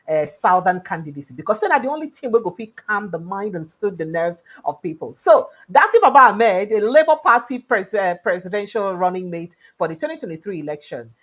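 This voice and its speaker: A woman from Nigeria hosting a political talk show, speaking in Nigerian Pidgin and English, with animated commentary and lots of rhetorical questions. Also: mid-range voice, breathy edge. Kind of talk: lively news commentary.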